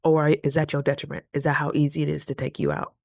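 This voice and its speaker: This vlogger talks fast in a gravelly, slightly low voice, telling a casual story straight to her viewers in an animated, chatty way. The sound is close and dry, with no echo or room sound.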